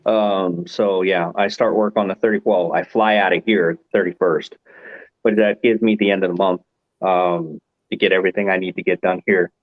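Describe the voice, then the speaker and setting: Trucker guest, male, low voice, plain talk, muffled dry call audio. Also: little pitch movement, normal speed, no room sound. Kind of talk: casual group chat.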